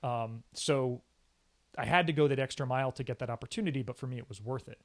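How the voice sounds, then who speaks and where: Animated man telling career stories. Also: medium pitch, quick pace. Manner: animated storyteller, often acts out quoted speech; energetic, emphatic, casual slang. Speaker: sports anchor and reporter, podcast guest. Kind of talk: casual interview storytelling.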